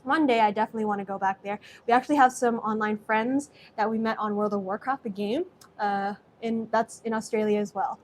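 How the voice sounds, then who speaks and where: A woman's voice: mid-range voice, fairly even intonation, a little fast, hardly any pauses, slight background noise. A young woman with an American accent hosting a live cooking stream from her kitchen, chatty and effusive as she thanks viewers by name. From Singapore. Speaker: host.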